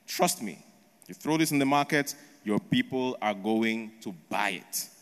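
A man's voice: mid-range voice, measured pace, clear, resonant tone, natural voice. A preacher acting out a pushy male trader of an empire, voicing him in a raised, insistent tone. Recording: long echo of a large hall.

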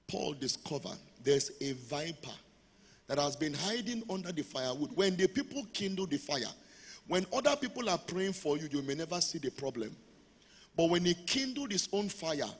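Husky-voiced man preaching in a hall. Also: on the high side. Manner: preaching with call-and-response. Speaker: pastor. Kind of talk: sermon. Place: large church hall. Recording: long hall reverb with music.

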